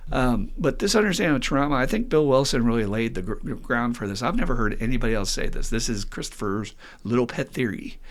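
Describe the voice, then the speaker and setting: A middle-aged man, hosting a podcast as an addiction counselor and telling stories in a lively way. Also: medium pitch, creaky. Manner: lively storyteller who acts out quotes with laughs. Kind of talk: casual podcast monologue.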